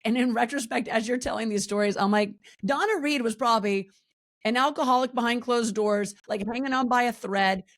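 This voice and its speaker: A woman in her forties, a guest on a podcast, telling a personal story candidly and lively, jumping high in pitch when she acts out what people said. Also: a little fast. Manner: animated, acts out quoted voices with big pitch jumps. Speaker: podcast guest, wellness coach.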